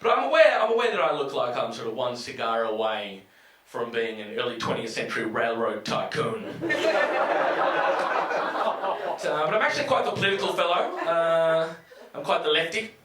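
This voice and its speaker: A man in his thirties doing stand-up comedy with an animated, exaggerated delivery that bursts into shouting. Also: mid-range voice, a little fast, background noise. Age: 30s. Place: comedy venue. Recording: roomy hall, distant mic, audience laughter.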